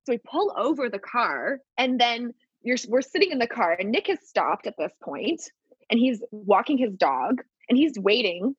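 Young woman co-host, bouncy lively storytelling, bit husky, dull dry audio. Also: normal speed, no room sound. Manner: lively storyteller, jumping up in pitch when quoting. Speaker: podcast co-host. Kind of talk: casual chat.

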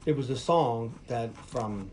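A man's voice: mid-range voice, a little slow, a little hiss or hum. A man co-hosting a movie podcast, retelling scenes in casual chat and acting out quotes. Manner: animated storyteller, acts out quotes. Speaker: podcast co-host.

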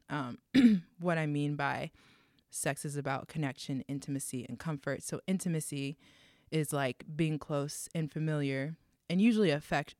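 Young woman cohost, smooth radio kinda voice, slow and thoughtful, dry close sound. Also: low voice, a little mellow, dry recording. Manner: smooth radio-style delivery; measured, reflective, defines terms. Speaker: co-host. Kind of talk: casual faith discussion.

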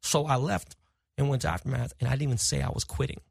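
Fast-talking middle-aged man telling stories. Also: mid-range voice, gravelly, no room sound, studio quality. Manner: animated, profane, acts out quoted dialogue. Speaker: podcast guest. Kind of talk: casual storytelling.

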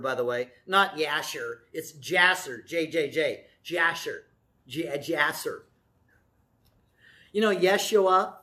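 A man's voice: sits high, pushed and bright. Folksy male pastor preaching. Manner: folksy, joking asides, slows to stress key words. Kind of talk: sermon.

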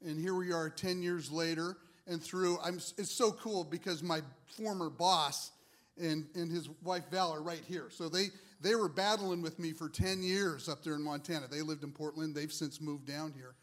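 A man's voice: a little high, steady tone, normal speed, a bit bright. A man, a ministry leader, sharing his testimony with a congregation in a casual, rambling way with many fillers.

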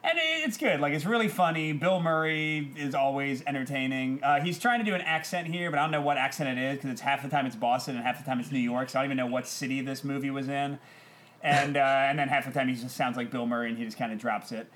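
A man's voice: medium pitch, fast, fairly bright tone, slight background noise. A man, a podcast guest in casual chat, giving a blunt, opinionated movie review.

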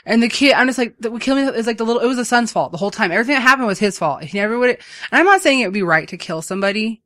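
A speaker in casual chat, retelling a movie's plot in a rambling, animated way with many fillers. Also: mid-range voice, very fast, dry recording, clean studio sound. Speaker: movie recapper.

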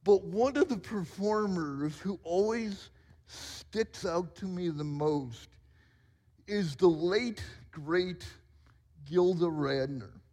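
High-voiced, unhurried man preaching in a hall. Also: dark tone. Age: 40s. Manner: playful, self-mocking storyteller. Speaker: pastor. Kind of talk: sermon. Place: church sanctuary. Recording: reverberant church hall.

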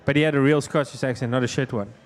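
A man with a South African accent, a comedian chatting casually on a podcast with a dry, deadpan humour. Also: mid-range voice, very fast. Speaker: comedian guest.

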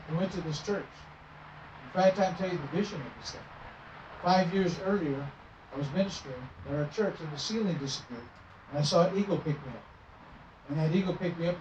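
A middle-aged man, a traveling minister, telling stories in a sermon and acting out the dialogue. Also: fairly high pitch. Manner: animated storytelling, acting out dialogue. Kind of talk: sermon storytelling. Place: church sanctuary. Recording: roomy, distant, muffled with noise.

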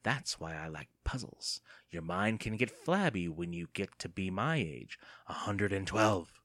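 A man voicing an elderly aunt who speaks slowly and drops low, pleased with her own jokes. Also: animated, a bit bright, no room sound, heavily acted. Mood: chatty. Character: elderly aunt, dry, gleeful at own wit.

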